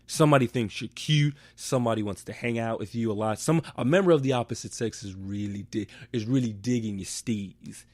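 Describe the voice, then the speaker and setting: A man hosting a casual solo podcast, recapping a TV episode in a rambling, profane way with animated outbursts. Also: mid-range voice, a little fast, hardly any pauses, no room sound.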